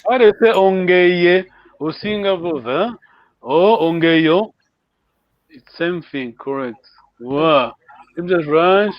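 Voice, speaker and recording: A man's voice: a little high, animated, unhurried, no room sound, muffled recording. A man teaching a live online language lesson, encouraging learners and repeating words for them to copy.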